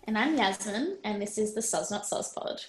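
Woman podcast co-host, lively swooping pitch, playful and teasing, roomy home sound. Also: normal speed, faint music behind. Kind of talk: casual chat. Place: room at home by a window.

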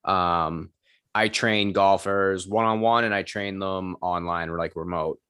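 A man's voice: low-pitched, fairly even intonation, measured pace, pushed and bright, clear, resonant tone, no room sound, clean studio sound. A man who owns a gym, chatting casually and telling profane stories in which he acts out the people in them. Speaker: gym owner and trainer. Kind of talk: casual chat.

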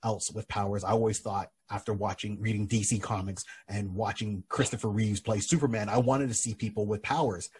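A man voicing a tired male guard close to retirement in a retold story, speaking in a husky, plain way. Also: fairly low pitch, steady tone, a little fast, hardly any pauses, darkish tone. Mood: wistful. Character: weary middle-aged male guard near retirement.

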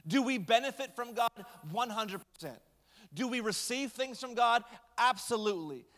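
Man, pastor, high voice, chatty preaching with humor, echoing hall. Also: animated, normal speed, a bit bright. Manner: conversational storytelling with light humor. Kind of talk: sermon.

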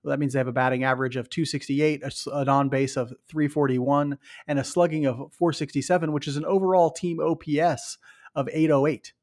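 A man's voice: fairly high pitch, fairly even intonation, fairly quick, a little mellow. A man co-hosting a casual sports podcast, breaking down stats and reading a sponsor spot. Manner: analytical, reads ad copy and stats. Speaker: podcast co-host.

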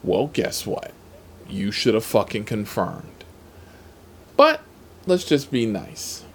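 A man's voice: high-pitched, wildly swooping pitch, unhurried, pauses often, husky. A man who drives for a rideshare service, telling stories from his shifts in a sassy, heavily profane, emphatic way. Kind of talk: casual storytelling vlog.

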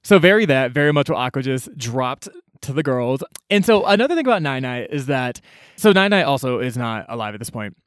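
A man's voice: medium pitch, sing-song, fairly quick, no echo, clean studio sound. A man co-hosting a casual book-discussion podcast, retelling the plot with many "like" fillers and acting out the characters' lines. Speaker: podcast co-host.

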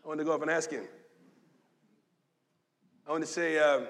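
A man's voice: fairly high pitch, normal speed, long pauses. Man in his fifties preaching in an echoing hall. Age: 50s. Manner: animated, joking, conversational preaching. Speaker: pastor. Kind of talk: sermon. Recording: long echo of a large hall.

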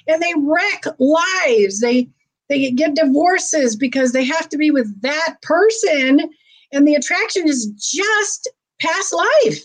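A woman chatting casually as a guest, telling stories with lively quoted voices. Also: sits high, a little slow. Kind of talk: casual chat.

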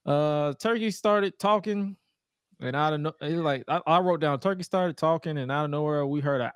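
A man co-hosting a podcast, recapping an old wrestling show in casual chat with animated, profane, mock-incredulous outbursts. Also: on the high side, brisk, smooth, dry recording, studio quality. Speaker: podcast co-host.

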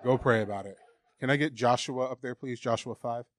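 A man's voice: medium pitch, fairly quick. A man preaching a sermon, emphatic and candid, reading scripture aloud and acting out the doubting voices people hear. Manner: emphatic, candid, acts out mocking inner voices.

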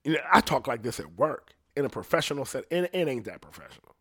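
A man's voice: mid-range voice, big pitch swings, quick pace, fairly bright tone, husky, no echo, studio quality. A young man hosting a podcast, talking in a casual, profane, rambling way and laughing at himself now and then. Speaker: podcast host.

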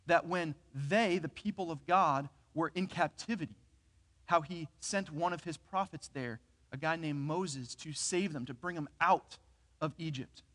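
Guy preaching in a church, story-telling, kinda high voice, echoey hall. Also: a little slow. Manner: storytelling, animated and earnest. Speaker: pastor. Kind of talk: sermon. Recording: reverberant hall.

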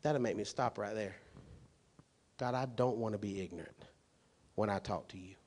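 A man with a voice on the low side preaches a sermon at normal speed in a colloquial, emphatic way. He drops to quiet asides, then rises to loud, shouted points packed with rhetorical questions.

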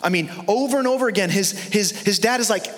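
A male pastor delivers his sermon in a fairly high voice, reading scripture and retelling the story with animated, emphatic repetition. His words carry a long reverb through the church sanctuary. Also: quick pace.

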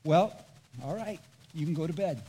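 A man voicing a serious father who calmly questions his teenage son late at night. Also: on the high side, normal speed, long reverb tail, slight background noise, lightly acted. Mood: firm. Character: serious, concerned middle-aged father.

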